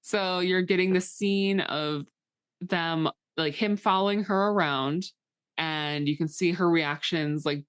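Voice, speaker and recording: A woman co-hosting a podcast, recapping a film in a blunt, animated, casual way with some swearing. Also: on the low side, takes it slowly, clear, resonant tone, no echo. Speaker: podcast co-host. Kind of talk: casual chat.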